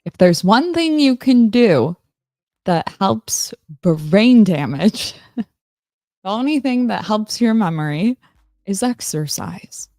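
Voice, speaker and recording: Slow, gravelly-voiced woman chatting. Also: mid-range voice, no echo, studio quality. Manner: rambling, relaxed, self-mocking, answers chat. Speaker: live stream host. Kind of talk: casual live-stream chat.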